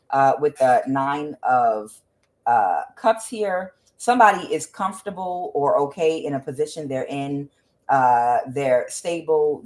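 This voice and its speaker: A woman's voice: deep voice, slight background noise. A middle-aged woman doing a casual tarot reading, ranting and rambling with many fillers and restarts. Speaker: tarot card reader.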